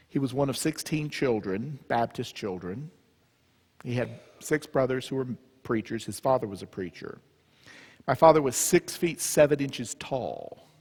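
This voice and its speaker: A man telling a humorous family story at a church retreat, animated and playful. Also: medium pitch. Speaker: retreat speaker. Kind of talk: storytelling talk. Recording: long church reverb.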